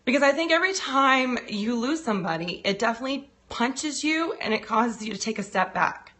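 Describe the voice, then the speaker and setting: A woman streaming live as a coach, her voice bright and sitting a little high. She calls out viewers by name with energy, then turns earnest and heartfelt, close to tears. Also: animated, brisk. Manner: upbeat, greets viewers by name. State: holding back tears. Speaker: financial and business coach.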